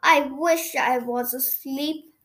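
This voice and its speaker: A woman's voice: sits high, takes it slowly, fairly bright tone. A woman voicing a tired, grumpy male brownie who cannot sleep, in a children's storybook reading. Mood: sleepy, cross. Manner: tired, cross, yawning.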